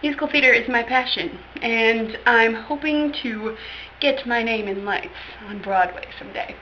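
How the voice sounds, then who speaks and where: A woman's voice: a little high, moderate pace, slight background noise. A teenage woman talking casually to her webcam, hyper, giggly and silly, on muffled lo-fi audio. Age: late teens.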